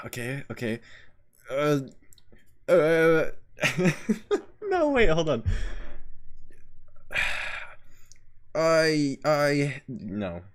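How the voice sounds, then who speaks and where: A man's voice: a little high, drawn-out words, pauses often. A man streaming a game, chatting casually and joking as he reacts to his viewers. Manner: excitable, joking, reacting to chat. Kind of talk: casual live-stream chat.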